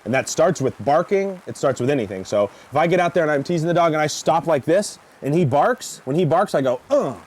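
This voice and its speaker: A man teaching a dog training seminar, lecturing in an animated way and acting out reactions. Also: a little high, a little fast, hardly any pauses. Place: seminar venue.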